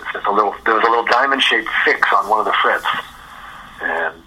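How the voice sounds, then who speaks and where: A man's voice: lowish voice, fast talker, slight background noise, low-quality recording. An older man from New York, a guest guitarist telling casual anecdotes, full of swearing. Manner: profane, lively anecdote-teller. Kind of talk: casual storytelling interview.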